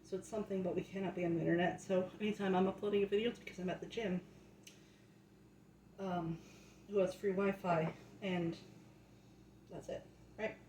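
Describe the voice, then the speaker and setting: A woman's voice: fairly low pitch, fairly even intonation, moderate pace, long pauses, a little mellow. A young woman at home, telling a faith story in chatty, casual talk that grows fervent and preachy, often asking "right?". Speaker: vlogger sharing a faith testimony. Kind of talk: casual testimony turning to preaching. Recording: echoey room, faint background noise.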